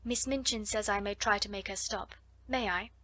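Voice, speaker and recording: A woman voicing a calm, motherly young girl who speaks quietly, in a storybook reading. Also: normal speed, heavily acted. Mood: gentle. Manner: quiet, low-voiced.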